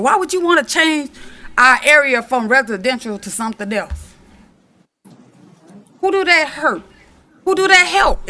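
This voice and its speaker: A woman's voice: high voice, pushed and bright. A middle-aged woman from Michigan giving an impassioned public comment at a city commission meeting, repeating phrases for emphasis.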